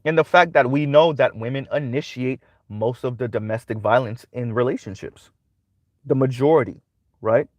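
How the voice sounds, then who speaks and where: A man's voice: medium pitch, moderate pace, no room sound. A man hosting a commentary channel, giving a casual monologue that keeps checking in with "right?". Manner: conversational, repeats "right?" often.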